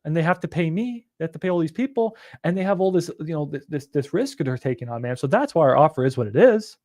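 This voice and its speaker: Man, high-pitched casual coach, animated and profane, dry close sound. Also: fast talker, no echo. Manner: animated, profane, acts out phone calls. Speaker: real estate investing coach.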